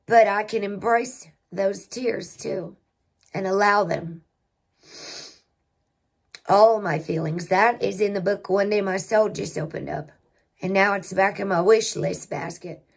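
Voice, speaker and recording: A woman hosting a spiritual healing livestream, talking slowly and reflectively with her viewers. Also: mid-range voice, gravelly. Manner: slow, reflective, talks to chat and to herself. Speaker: spiritual healing channel host.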